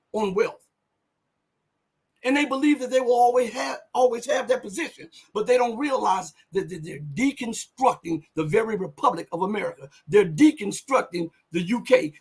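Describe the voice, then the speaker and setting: Impassioned high-voiced husky man. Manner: impassioned, rhetorical, repeats phrases for emphasis; voice rises to near shouts on key points. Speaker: political commentary host. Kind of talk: live freestyle political commentary.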